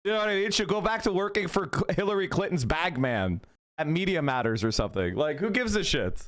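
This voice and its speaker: A man rants at his viewers, cursing and mocking his critics. His voice is lively, rising and falling a lot, and sits a little high. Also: brisk. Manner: combative, profane, mocking. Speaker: political streamer. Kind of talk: live-stream rant to chat.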